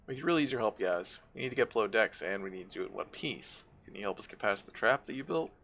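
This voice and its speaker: A man's voice: on the low side, expressive, fast talker, gravelly, a bit bright, slight background noise. A man voicing a determined woman ally in a video game, reading her lines urgently in his own voice. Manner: urgent, reads the game's dialogue aloud.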